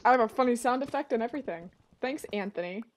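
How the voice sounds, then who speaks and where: A woman's voice: a little high, animated, quick pace. A young woman hosting a casual gaming session with a friend, laughing often and chatting loosely. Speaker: gaming channel host.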